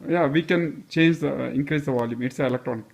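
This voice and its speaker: A man's voice: medium pitch, quick pace, gravelly, darkish tone, rough recording. A man visiting a museum, making brief questions and short remarks about the exhibits.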